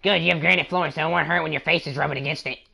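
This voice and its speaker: A man's voice: on the high side, steady tone, racing, gravelly, pushed and bright, slightly rough, full character voice. A man putting on a crude, bragging young guy to mock a friend over online game voice chat. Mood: mocking boastful. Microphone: headset on online game voice chat.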